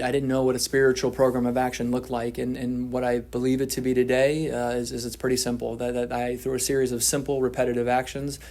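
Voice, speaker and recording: A man with a mid-range, slightly mellow voice shares his story at a twelve-step recovery meeting. He's candid and pokes fun at himself, frequently starting his sentences over.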